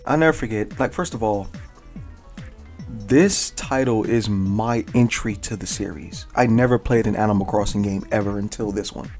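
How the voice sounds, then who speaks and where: A young man hosting a gaming channel, telling a story in an excited, slangy way and repeating words for emphasis. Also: on the low side, moderate pace, faint music behind. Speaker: gaming YouTuber, host. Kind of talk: casual enthusiastic storytelling to camera.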